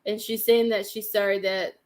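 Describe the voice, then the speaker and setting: A woman's voice: medium pitch, little pitch movement, moderate pace, a little mellow. A woman hosting a live-stream psychic reading, hesitant and thinking aloud as she speaks to viewers by name. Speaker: psychic medium host.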